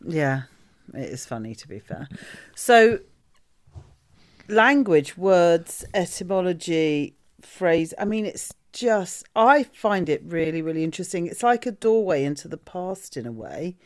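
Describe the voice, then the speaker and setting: A woman's voice: fairly low pitch, sing-song, unhurried, no room sound. A woman co-hosting a podcast in casual chat, blunt and swearing freely. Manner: blunt, swears, laughs often. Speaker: podcast co-host.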